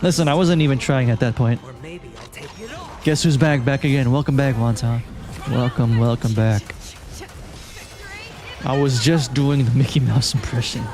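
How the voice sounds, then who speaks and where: A man's voice: mid-range voice, moderate pace, long pauses. A man from Malaysia streaming a video game and chatting casually with his viewers. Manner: relaxed, chatty, reads and answers chat. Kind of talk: casual live-stream chat. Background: faint game music.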